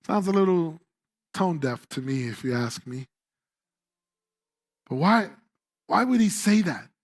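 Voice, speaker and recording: A man's voice: fairly high pitch, very animated, a little slow. A man preaching a sermon in a church, conversational and humorous, acting out the voices of scripture characters. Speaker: pastor.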